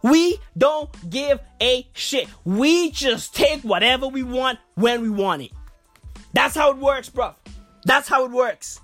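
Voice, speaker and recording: A woman's voice: sits high, animated, slow, soft background music. A woman from Africa in a brash, profane, slangy comic rant, walking outdoors. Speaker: vlogger.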